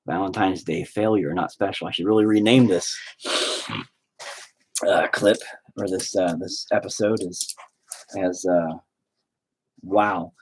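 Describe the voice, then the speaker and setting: Husky, rambling self-mocking man. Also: deep voice, a little mellow. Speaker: artist vlogger. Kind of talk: casual self-deprecating vlog.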